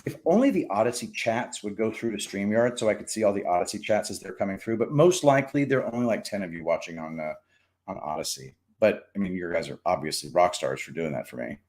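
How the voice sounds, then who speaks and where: A man's voice: on the low side, lively intonation, fast, darkish tone. A man hosting a casual livestream, chatting with viewers, greeting them by name and telling jokes. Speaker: livestream host.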